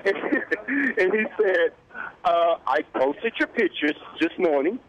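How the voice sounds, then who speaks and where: A man in his fifties with a fairly high voice tells a story to a talk show host, acting out each person's lines. He sounds lively and chatty. The broadcast audio is a little dull and muffled. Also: unhurried, vocal fry. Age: 50s. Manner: animated, acts out quoted dialogue. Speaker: morning show guest. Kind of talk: casual interview storytelling.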